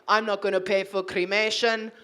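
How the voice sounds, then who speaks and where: A woman voicing her deadpan Italian chef husband with a put-on Italian accent, in a matter-of-fact delivery. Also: mid-range voice, moderate pace, clean tone, pitched below the performer's own voice, lightly acted. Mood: blunt.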